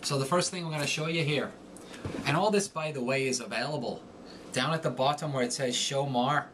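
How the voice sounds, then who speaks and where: Brief: man in a mid-range voice, calm accent coach, walks through examples step by step. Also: medium pitch, a little fast, a little hiss or hum. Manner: clear, methodical explaining. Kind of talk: instructional lesson.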